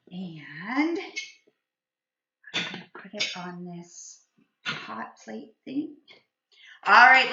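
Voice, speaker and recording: A woman teaching a gentle, encouraging children's cooking lesson, talking directly to the kids. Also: a little high. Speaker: preschool teacher. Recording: echoey room, slightly dull lo-fi sound.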